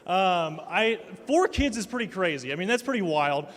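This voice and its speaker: A high-voiced man in his thirties preaches to students, spinning funny, self-mocking family stories into his message. His voice echoes through a large hall with long reverb, and a live audience is in the room. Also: moderate pace. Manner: animated, self-mocking storyteller. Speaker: speaker at a student ministry night. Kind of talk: sermon with personal stories.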